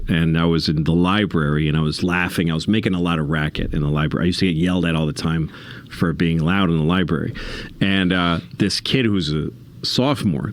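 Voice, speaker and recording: A middle-aged man, a comedian guest on a podcast, telling a story in casual conversation, animated and self-mocking, laughing between lines. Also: sits low, dry recording. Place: podcast studio.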